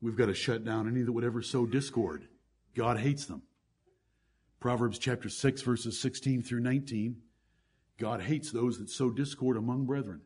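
A man's voice: medium pitch, moderate pace, darkish tone, husky. A male pastor preaching a sermon to his congregation, reading scripture aloud and stressing key words.

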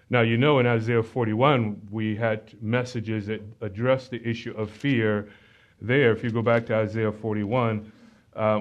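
A pastor teaching a sermon, reading scripture aloud and pausing often to explain verses. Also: male voice, fairly low pitch, dull audio.

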